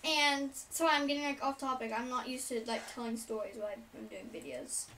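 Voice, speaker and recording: Young woman storyteller, high voice, rambling, filler-heavy; recorded from a distance with noisy background. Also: fairly quick. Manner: rambling, many fillers, side remarks. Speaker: storyteller vlogger. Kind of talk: casual story time. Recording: distant mic, noisy room.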